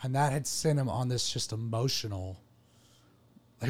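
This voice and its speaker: A man's voice: mid-range voice, moderate pace, a little mellow. A man hosting a podcast, telling a personal story in an earnest, rambling way with frequent restarts. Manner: earnest, rambling, self-correcting. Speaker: podcast host. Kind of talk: casual chat, personal storytelling.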